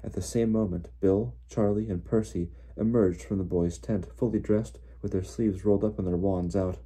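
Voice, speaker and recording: A man reading a novel aloud in steady storybook narration. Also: on the low side, moderate pace, breathy edge. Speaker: audiobook reader.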